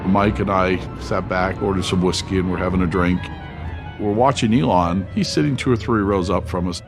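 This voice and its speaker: A man's voice: deep voice, normal speed, over music. A man in an interview clip telling an anecdote, laughing now and then as he recounts it. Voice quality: gravelly, laughs between phrases.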